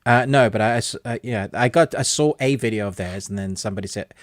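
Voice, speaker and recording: Low-voiced man hosting a casual podcast. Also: steady tone, fast, few pauses, no room sound, clean studio sound. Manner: chatty and enthusiastic, with frequent laughs. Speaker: podcast co-host. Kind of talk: casual chat, reading out viewer comments.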